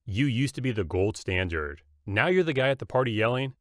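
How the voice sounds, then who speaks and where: A man narrating a scripted comedy roast in a mocking, punchy deadpan. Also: mid-range voice, brisk, no room sound, clean studio sound.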